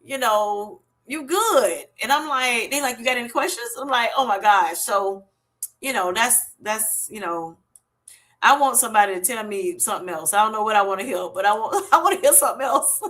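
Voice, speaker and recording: Bright-voiced chatty woman vlogger. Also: mid-range voice, brisk. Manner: chatty, retells conversations, greets viewers. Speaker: health vlogger hosting a live stream. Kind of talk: casual live-stream chat.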